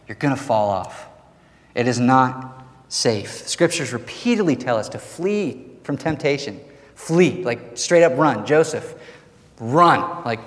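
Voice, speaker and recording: Casual: guy preaching like he's just chatting, jokey little asides, middle pitch voice, big echoey church hall. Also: animated, moderate pace, fairly bright tone. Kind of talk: sermon. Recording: long reverb of a large hall.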